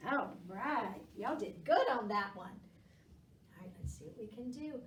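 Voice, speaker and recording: Storytime librarian, woman, slow sing-song delivery, distant roomy library sound. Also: on the high side, lively intonation, slight background noise. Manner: gentle, encouraging, slow and sing-song with kids. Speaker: children's librarian reading storytime. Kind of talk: storytime read-aloud to children.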